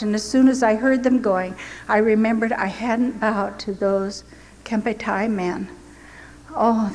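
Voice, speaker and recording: A woman's voice: on the high side, a little mellow. An older woman telling her wartime testimony as a missionary, in earnest, dramatic storytelling. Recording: echoey hall with faint noise.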